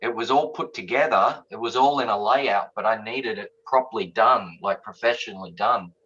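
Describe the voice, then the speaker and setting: A man's voice: fairly low pitch, moderate pace, slightly rough. A middle-aged man, an interview guest, telling a personal story casually and acting out the conversations he recalls. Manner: animated, acts out quoted conversations. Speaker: guest author. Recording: dull lo-fi audio.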